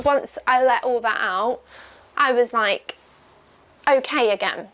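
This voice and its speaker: A woman's voice: on the high side, unhurried, fairly bright tone. A young adult woman, an ultramarathon runner, recalling her race in a candid, chatty documentary interview full of "like" and "um".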